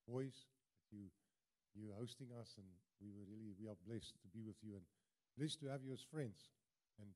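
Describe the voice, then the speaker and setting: गर्मजोशी भरी आवाज़ वाला दक्षिण अफ़्रीकी लहजे का बुज़ुर्ग उपदेशक. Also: male voice, on the low side, warm tone. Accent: South African English. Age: older. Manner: earnest, emphatic with frequent repetitions. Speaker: guest preacher. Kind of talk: sermon. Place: church.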